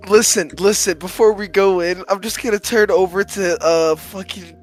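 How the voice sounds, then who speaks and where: A man playing a tabletop game, rambling, halting and laughing between words. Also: high-pitched, steady tone, faint music behind. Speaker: player. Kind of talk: casual tabletop game chat.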